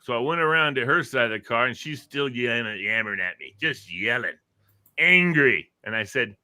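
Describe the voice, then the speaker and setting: Male host, lively joke-teller, bright tone, laughs at his own punchlines. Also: medium pitch, moderate pace. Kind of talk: casual chat.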